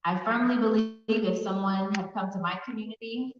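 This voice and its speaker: A woman from Pasadena, California, giving personal testimony as a survivor speaker in a large hall, telling her story earnestly with hesitant pauses. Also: medium pitch, steady tone, music in the background. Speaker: survivor speaker at an awareness event. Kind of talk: personal testimony in a public talk. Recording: echoey hall from far off, dull sound.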